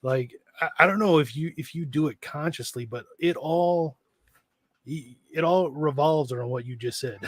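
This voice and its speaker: A man's voice: fairly high pitch, normal speed, no room sound. A man co-hosting a casual podcast, speaking hesitantly with many fillers. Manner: hesitant, fillers, brief agreements. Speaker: podcast co-host.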